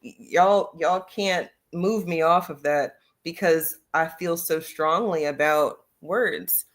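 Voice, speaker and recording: A woman's voice: sits low, slow. A woman who hosts and teaches, talking emphatically in a casual livestream discussion and speaking straight to her viewers. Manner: emphatic, addresses viewers directly. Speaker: host and teacher.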